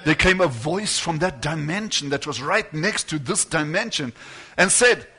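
Man in the pulpit, high and bright, preaches with fervor and acts out quotes. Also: animated, normal speed. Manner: fervent preaching, retelling stories with acted quotes. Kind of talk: sermon.

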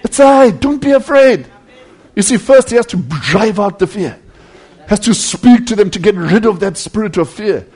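High-voiced man preaching, loud to hushed. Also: expressive, moderate pace, husky. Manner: swings from loud emphatic preaching to hushed near-whisper; addresses listeners as friends, earnest and pleading. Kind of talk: sermon.

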